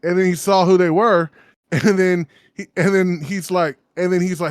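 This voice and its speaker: A man's voice: high-pitched, fairly even intonation, moderate pace, dry recording, studio quality. A man in his thirties co-hosting a podcast, telling a story casually, laughing often and acting out other people's lines. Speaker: podcast co-host.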